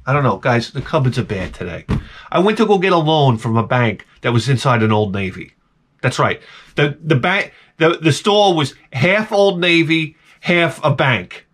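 A man's voice: on the high side, lively intonation, moderate pace, a bit bright, husky. A man vlogging in a casual, rambling monologue, telling wry stories full of "like"s and restarts. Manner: meandering, wry storytelling with many "like"s.

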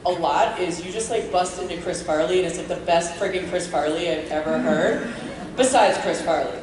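A woman's voice: lowish voice, normal speed, noisy background. A woman fan asking a giggly, chatty question at a convention panel, recorded from afar in a large hall. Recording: distant, echoey convention hall.

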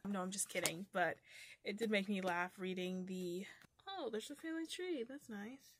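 A woman chatting casually about the books she read, candid and ranty, swearing freely as she goes. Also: medium pitch. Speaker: book vlogger. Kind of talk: casual book review chat.

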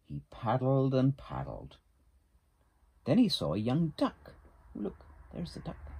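Middle-aged guy reading a kids' picture book, super breathy husky voice, goes way up and down. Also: mid-range voice, takes it slowly, long pauses. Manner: gentle, expressive. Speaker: storybook reader.

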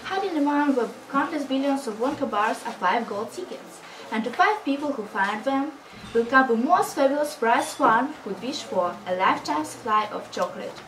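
A woman's voice: high-pitched, lively intonation, normal speed, fairly bright tone. A woman playing a news announcer in a school stage play, declaiming. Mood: announcing. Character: female radio announcer, urgent. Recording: echoey hall from far off, noisy.

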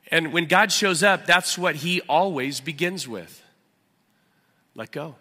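A man preaching a sermon as pastor, with earnest, animated storytelling. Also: fairly high pitch, long reverb tail. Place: church sanctuary.

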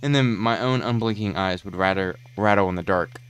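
A man's voice: fairly low pitch, a little fast, fairly bright tone, lightly acted. A man voicing a frightened father as he reads a journal from a game aloud, brooding and dramatic.

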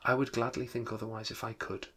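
A man reading the part of a gentle, sorrowful young woman who is ending her engagement, in a soft, hushed voice. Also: mid-range voice, steady tone, normal speed, creaky, slightly rough. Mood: sad, gentle. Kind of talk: dramatic reading of a novel.

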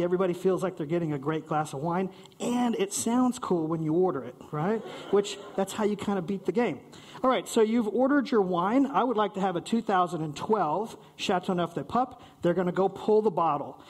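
Man with a high voice, playful stage talk, animated, acts out little voices. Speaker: speaker at a short-talk event. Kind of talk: quick public talk with audience prompts. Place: stage before a live audience.

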